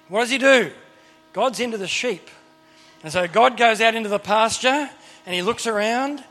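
A male preacher with a high-pitched, forceful voice delivers a sermon to a gathered crowd. He tells the stories with humor and plays the characters in between his own questions to the listeners. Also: moderate pace. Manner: lively storyteller who acts out Bible characters with humorous asides; speaks to a crowd with frequent questions.

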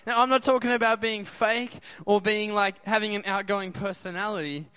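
A man preaches with a bright, high-pitched voice. He keeps the crowd involved with quick questions. The sound is close and dry, with little room around it. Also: fairly even intonation, clear, resonant tone, no room sound. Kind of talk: sermon.

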